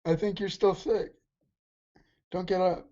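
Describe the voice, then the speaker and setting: A woman's voice: fairly low pitch, steady tone, unhurried, dark tone, lo-fi sound. A woman co-hosting a casual game stream, playful and teasing, laughing often. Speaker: streamer, co-host. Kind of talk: casual gameplay chat.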